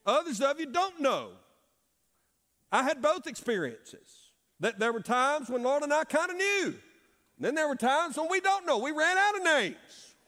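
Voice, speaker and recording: A middle-aged man preaching a sermon as pastor, with dramatic pauses and emphatic repetition. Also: very high voice, sing-song, bright, forceful tone. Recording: long hall reverb.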